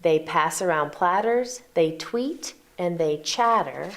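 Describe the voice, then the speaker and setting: Slow, expressive woman reading a storybook aloud. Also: on the low side, gravelly, slight background noise. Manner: slow and expressive, inviting listeners to join in. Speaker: read-aloud volunteer. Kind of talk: reading a picture book aloud to children.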